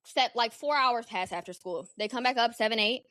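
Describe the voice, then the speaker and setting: Young woman podcast host, frank and foul-mouthed, animated, slightly high voice, dry close sound. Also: fairly quick, no echo. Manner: candid, profane, animated. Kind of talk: casual solo podcast storytelling.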